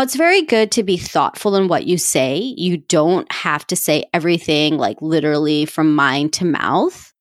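A woman's voice: fairly low pitch, dry recording, clean studio sound. Chatty woman podcast host, laughing at herself. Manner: coaching, addresses listeners directly. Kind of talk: casual self-help talk.

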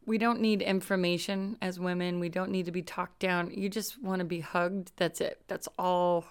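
A woman's voice: fairly low pitch, little pitch movement, moderate pace, smooth. A woman from Southern California in a casual chat, supportive toward her friend but blunt and opinionated.

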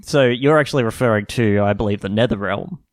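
A man's voice: on the low side, fairly quick, soft background music. A man co-hosting a casual comedy podcast, explaining odd facts playfully. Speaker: podcast co-host.

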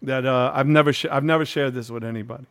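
A man's voice: medium pitch, fairly even intonation, quick pace. Profane, slangy middle-aged man host. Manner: loose, profane, street slang. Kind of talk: casual storytelling chat.

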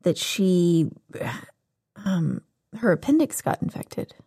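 A woman hosting a casual podcast chat, talkative and quick to laugh. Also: lowish voice, animated, dark tone, breathy edge. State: pregnant, on bed rest. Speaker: podcast host.

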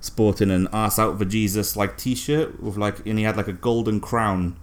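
A man, co-hosting a comedy podcast, telling an absurd story deadpan with lots of fillers and hesitation. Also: lowish voice, normal speed. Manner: rambling, hesitant, many fillers. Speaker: podcast co-host.

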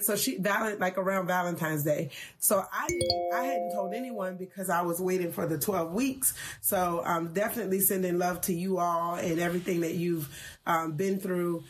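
A woman in her thirties speaks to her livestream viewers in a slightly low voice. She tells a personal story earnestly and with emotion, pausing often to collect herself. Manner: earnest, emotional and reflective, with frequent "um" pauses.

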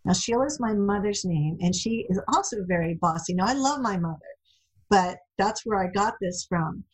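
Middle-aged woman guest, husky, animated storyteller, mid pitch. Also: normal speed, low-quality recording. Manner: animated storyteller, acts out quotes. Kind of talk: casual interview chat.

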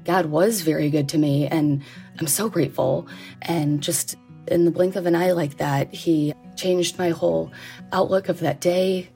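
A woman's voice: lowish voice, fairly even intonation, a little slow, dark tone, faint music behind. A woman in her thirties telling a heartfelt personal story in a chatty way with frequent laughs, recorded as a phone voice memo.

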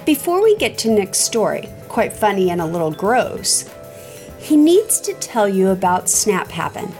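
A woman's voice: medium pitch, sing-song, measured pace, darkish tone, soft background music. Playful woman presenter introducing a segment. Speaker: host. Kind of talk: scripted presenting.

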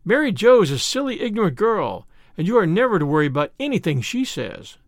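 A man's voice: sits high, very animated, moderate pace, dry recording, clean studio sound. A man reading the part of a cheerful, kindly young woman teacher who speaks reassuringly. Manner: warm, gently reassuring.

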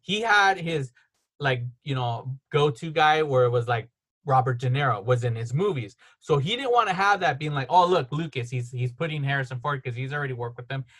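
A man's voice: mid-range voice, expressive, fairly bright tone. A man hosting a casual podcast chat at home, rambling through film trivia and laughing often. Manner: rambling, storytelling with quick laughs. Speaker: podcast host.

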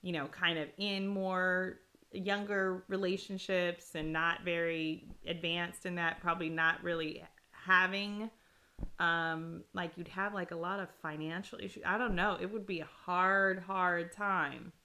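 A woman with a very bright, sharp tone co-hosts a relaxed chat with her husband. She speaks in a measured, deliberate way when she makes her points. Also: lowish voice. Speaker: podcast co-host. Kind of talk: casual couple chat.

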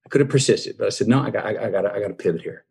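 A man's voice: lowish voice, very fast, gravelly, darkish tone, slightly rough. A man in his fifties, a guest telling a personal story in a folksy, reflective way and acting out the dialogue he quotes. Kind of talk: conversational storytelling.

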